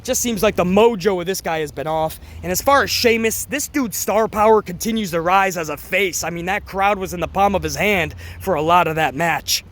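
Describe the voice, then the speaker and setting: A man giving a casual, excitable review of a wrestling event, rambling and swearing as he goes. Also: high voice, a little fast, hardly any pauses. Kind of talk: casual commentary.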